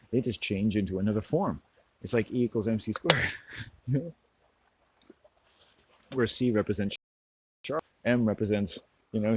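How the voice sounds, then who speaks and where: A man's voice: fairly low pitch, a little mellow, husky, low-quality recording. A man talking in a rambling, profane monologue, sarcastic and laughing at his own jokes.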